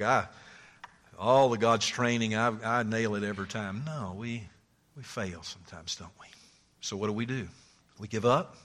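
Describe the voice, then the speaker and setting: A male pastor preaching a sermon, moving from loud, climbing declarations to hushed near-whispers and folksy stories. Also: mid-range voice, big-room sound.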